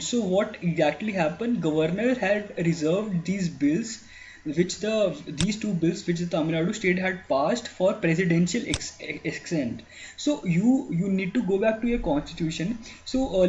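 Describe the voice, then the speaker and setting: A man's voice: high voice, darkish tone. A man lecturing exam candidates on a newspaper editorial, explaining step by step with many fillers and restarts. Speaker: exam coaching teacher. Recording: dull lo-fi sound with faint noise.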